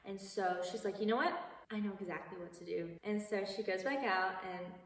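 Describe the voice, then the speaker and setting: A young woman casually retelling a film plot, chatty and amused, jumping into little voices for the characters. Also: brisk. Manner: chatty, amused, acts out quotes with lively pitch jumps. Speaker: vlogger. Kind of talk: casual movie recap storytelling. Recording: roomy, echoey, from a distance.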